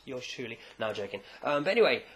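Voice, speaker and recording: A man casually recapping a comic chapter, rambling and animated, with jokey asides. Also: medium pitch, quick pace. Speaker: manga chapter reviewer.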